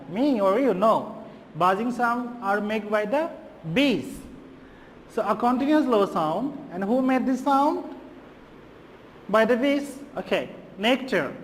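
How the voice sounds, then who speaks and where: A male teacher with a Bangladeshi accent giving a slow classroom lesson, spelling words letter by letter and repeating them. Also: high-pitched, in a large hall, slight background noise.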